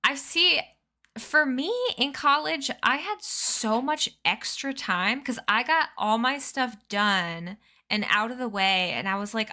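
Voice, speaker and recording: A woman's voice: a little high, animated, measured pace, pushed and bright. A young woman in her twenties chatting casually with her stream chat, bubbly and giggly, sleepy. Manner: bubbly, giggly, reads chat names aloud. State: sleepy, yawning. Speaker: streamer reading a book aloud.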